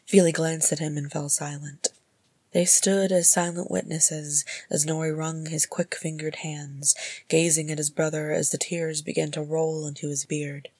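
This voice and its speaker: Low, flat-voiced woman narrator. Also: moderate pace, no echo. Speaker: audiobook reader. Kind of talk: fan fiction audiobook narration.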